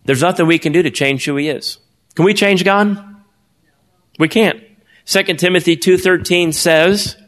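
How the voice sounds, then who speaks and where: Man preaching emphatically in a reverberant hall. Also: fairly bright tone. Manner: emphatic preaching with call-and-response questions, swinging pitch. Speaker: pastor. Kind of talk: sermon.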